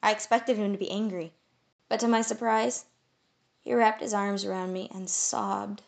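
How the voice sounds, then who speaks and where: A woman narrating a first-person fantasy audiobook in a measured, expressive way. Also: medium pitch, gravelly.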